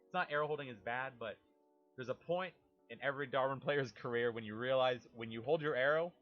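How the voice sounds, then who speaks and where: A young man talking casually about a video game, animated, swearing freely and imitating game sounds. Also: mid-range voice, a little fast, lo-fi sound, soft background music. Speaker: gaming YouTuber. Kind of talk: casual rambling monologue.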